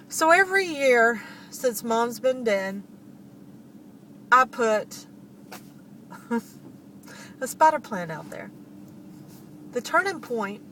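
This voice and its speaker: Middle-aged woman vlogger, slightly high voice, storytelling to camera, a little off-mic with faint traffic behind. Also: distant mic. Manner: animated, laughs often, addresses listeners directly. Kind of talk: personal storytelling.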